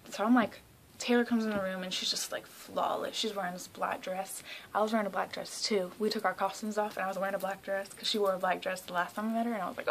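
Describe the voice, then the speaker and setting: A young woman from South Carolina tells a story straight to camera in a casual vlog. She has a mid-pitched voice and talks in an excited, gushing rush, full of "like". Now and then she sinks into hushed, breathy asides. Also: slight background noise, low-quality recording. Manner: excitable, gushing, heavy use of "like". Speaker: vlogger.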